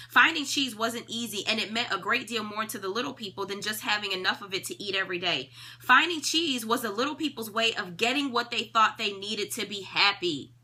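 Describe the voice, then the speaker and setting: A woman's voice: a little high, sharp tone. A woman hosting a live-stream book discussion. She talks in a conversational, preacherly way and keeps checking in with "right?". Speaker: live-stream host reading a self-help book.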